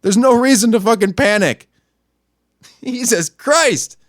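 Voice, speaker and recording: A man with a high voice rants crudely into the mic, jumping between low grumbling and sudden yelling. The sound is dry and close, with no room echo. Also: lively intonation, takes it slowly. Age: adult, not much older than a young store clerk. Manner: angry, crude, swings between muttering and yelling. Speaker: podcast host. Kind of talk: profane ranting monologue.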